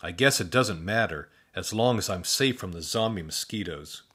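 A man voicing an excitable, chatty young boy who talks in high, eager bursts. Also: normal speed, breathy edge, exaggerated voice. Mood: excited. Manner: high, eager, breathless outbursts.

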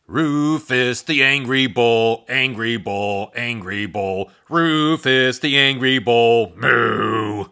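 A man voicing an angry male bull in a storybook, chanting a slow, loud sing-song tune. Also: mid-range voice, clean tone. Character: singing angry male bull, stomping and gleeful.

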